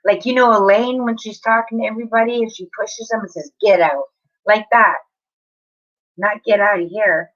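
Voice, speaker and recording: A woman's voice: fairly high pitch, steady tone, moderate pace, a bit bright, highs cut off. A woman chatting casually with viewers on a live stream, apologetic and talking straight to her chat.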